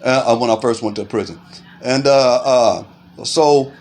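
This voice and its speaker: A middle-aged man telling a street story to camera in animated, profane casual talk, filling it with "you know what I'm saying" and punching sounds. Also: mid-range voice, measured pace. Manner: makes punching sounds aloud.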